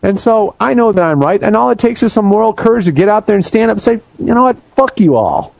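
A male talk-radio host who speaks in an angry, profane, shouting rant. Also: high-pitched, fast talker, vocal fry, no room sound, poor audio.

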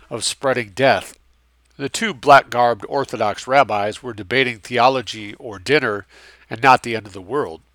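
Man reading an audiobook, steady, bright punchy voice, dry close mic. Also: mid-range voice, no room sound. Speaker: audiobook narrator. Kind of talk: scripted narration.

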